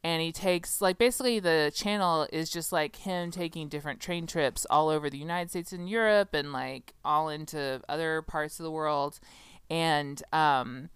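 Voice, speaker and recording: A woman's voice: deep voice, moderate pace, smooth, dry recording. A woman co-hosting a podcast in casual chat, chatty and sarcastic, rambling and laughing often. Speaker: podcast co-host.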